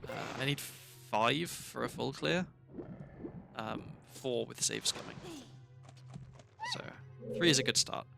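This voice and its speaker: Sleepy guy chatting over his game at a desk mic, gravelly creak, loud music playing under him. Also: mid-range voice, slow. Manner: rambling, self-correcting, mildly wry. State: sleepy, yawning. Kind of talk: casual gameplay commentary. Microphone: desk microphone.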